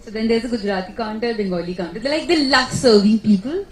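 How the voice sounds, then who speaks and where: A woman's voice: on the high side, quick pace. Chatty woman in an echoey room. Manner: chatty, animated storytelling with laughs. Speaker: actress at a film press meet. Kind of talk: casual press conference answers. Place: press conference room. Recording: echoey room, faint background noise.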